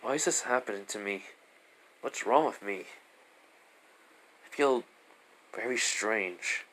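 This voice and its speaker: A man voicing a stiffly formal, polite young man in a fan story, speaking low-key and clipped. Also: slow pace, a bit bright.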